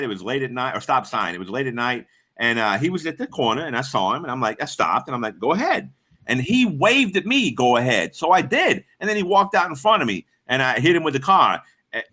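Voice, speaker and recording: Lively, bright-voiced man telling profane stories. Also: mid-range voice, quick pace. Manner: profane, rambling storyteller acting out voices. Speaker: livestream host. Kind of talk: casual storytelling to a live chat.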